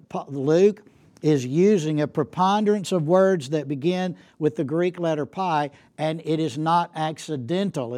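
A man's voice: on the high side, mellow. A man giving an academic lecture as a guest speaker, emphatic and repeating key points for effect. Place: lecture hall.

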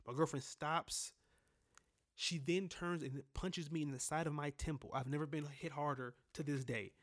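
A man's voice: a little high, fairly even intonation, moderate pace, a bit bright. Profane young man telling his own story. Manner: candid, profane, talks straight to listeners. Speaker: podcast host telling personal stories. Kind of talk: casual storytelling monologue.

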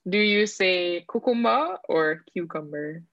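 A woman guest in a casual podcast chat, telling stories quickly and with animation. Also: fairly low pitch, no echo. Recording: dry, dull lo-fi mic.

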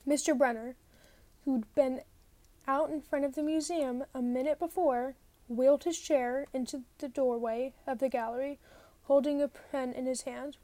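High-voiced woman reading a novel. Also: steady tone, moderate pace, mellow, no echo. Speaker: reader.

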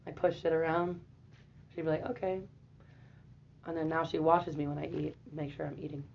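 A woman in her twenties, a podcast guest, telling a personal story in a lively, profane way and often laughing. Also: low-pitched, normal speed, vocal fry, a little hiss or hum. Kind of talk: casual storytelling. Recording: dull lo-fi audio.

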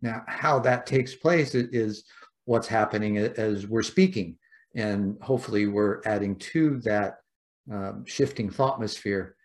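A man's voice: fairly low pitch, a little slow. A man in casual conversation, reflective and philosophical, often restarting and repeating words.

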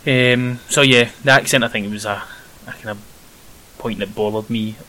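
A young Scottish man chatting casually about a film as a podcast co-host, rambling with many pauses and ums. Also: medium pitch, fairly even intonation, pushed and bright, poor audio. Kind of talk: casual film review chat. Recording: faint hiss.

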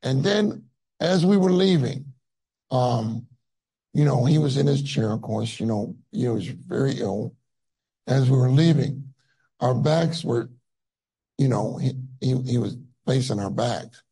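A man's voice: mid-range voice, a little slow, warm tone, slightly rough, low-quality recording. A man giving a sermon, telling a personal story in a conversational, earnest way with many asides. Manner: conversational, full of asides and fillers; tender and earnest when recalling. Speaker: conference speaker.

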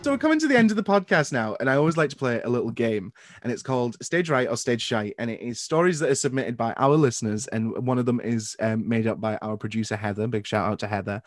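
A man's voice: mid-range voice, animated, fast, few pauses, dry recording, studio quality, soft background music. Chatty male podcast host. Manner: chatty, playful, lots of fillers. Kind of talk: casual interview chat.

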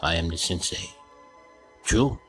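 A man voicing a crude old male sensei who muses slowly and throws out crude insults. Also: low voice, animated, fairly bright tone, husky, soft background music, full character voice, poor audio. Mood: mock-wise. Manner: slow, musing, drops crude insults.

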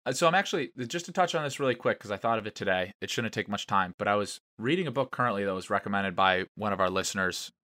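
A man's voice: on the low side, expressive, quick pace, hardly any pauses, sharp tone, no echo, studio quality. A man co-hosting a podcast, rambling through stories and going off on absurd, joking tangents. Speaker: podcast co-host. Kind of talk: casual chat.

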